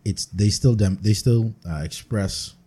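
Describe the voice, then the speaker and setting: A man's voice: fairly low pitch, a little slow, warm tone, slightly rough. A young Bahamian man on a podcast panel, telling blunt, profane stories in casual banter. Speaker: podcast guest.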